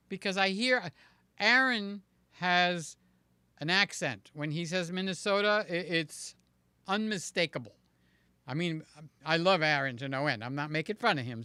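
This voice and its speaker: A man hosting a live stream, chatting casually and warmly greeting his viewers by name. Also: a little high, smooth, no room sound. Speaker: livestream host.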